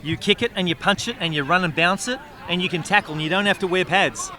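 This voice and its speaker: A man, loudly and bossily coaching footy in comedic banter outdoors. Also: high-pitched, fast, slight background noise. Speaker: host teaching Aussie rules football.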